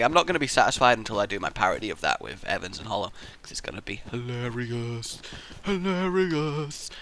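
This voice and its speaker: A young man giving chatty, excitable gameplay commentary as a let's play host, muttering asides to himself. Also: mid-range voice, no room sound.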